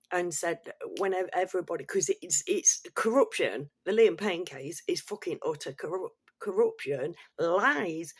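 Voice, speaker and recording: A woman's voice: deep voice, gravelly, husky. A woman ranting bluntly and swearing freely, in an exasperated casual monologue. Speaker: commentator.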